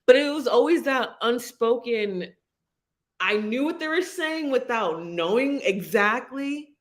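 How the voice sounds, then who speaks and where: A woman's voice: on the high side, animated, measured pace. A woman hosting a casual livestream chat, giggly and scattered, rambling from thought to thought. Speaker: livestream host.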